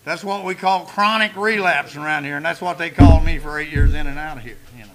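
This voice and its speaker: A middle-aged man speaking at a recovery meeting podium, telling stories in a folksy, profane way with dark humor. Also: a little high, fast.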